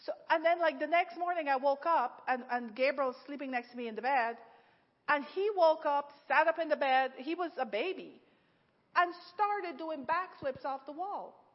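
A middle-aged woman preaching a sermon at her church, telling stories in a lively way with frequent laughs and lots of "like". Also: high voice, normal speed. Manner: lively storytelling, laughs often, many "like"s. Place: church sanctuary. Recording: echoey hall, dull lo-fi sound.

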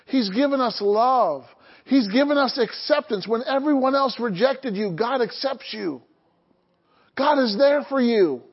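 A man's voice: extremely high pitch, expressive, a little slow, breathy edge, muffled recording. A man preaching a sermon as pastor, calling out to the congregation and prompting them to answer back. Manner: call-and-response preaching, asks the congregation to answer.

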